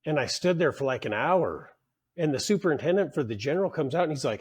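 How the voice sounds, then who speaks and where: Talking fast in a husky, medium-pitched voice, this podcast guest, a union leader, relates on-the-job stories with lively energy. He imitates the bosses he quotes and curses without restraint throughout the casual interview.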